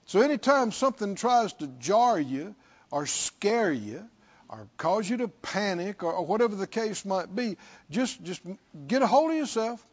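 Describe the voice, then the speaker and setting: A man's voice: high voice, sing-song, measured pace, slightly rough, muffled recording. A man preaching a sermon, reading scripture and repeating questions to his listeners with rising fervor.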